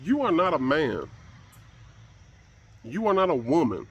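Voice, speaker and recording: A man's voice: on the high side, huge pitch swings, measured pace, gravelly, breathy edge, dull audio. A man giving a blunt, profane and exasperated solo commentary on camera.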